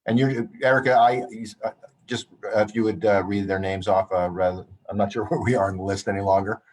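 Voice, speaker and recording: A man's voice: lowish voice, steady tone, brisk, a little mellow, slight background noise. A man chairing an online public hearing over a video call, polite and hesitant with many fillers.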